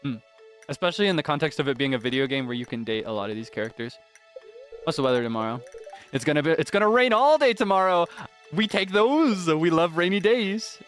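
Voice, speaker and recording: A man casually chatting while streaming a farming game, rambling with lots of fillers and quick laughs. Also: mid-range voice, sing-song, fairly bright tone, faint music behind. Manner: rambling, many fillers, giggly.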